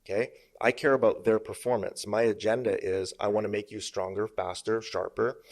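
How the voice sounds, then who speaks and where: A middle-aged man from Canada speaks in a fairly low voice, firm and emphatic. He talks as a business coach in a studio interview, pressing his points and pausing to ask whether they land. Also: fairly even intonation. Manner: emphatic, uses sparring metaphors, asks "make sense?". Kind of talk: conversational podcast interview. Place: podcast studio.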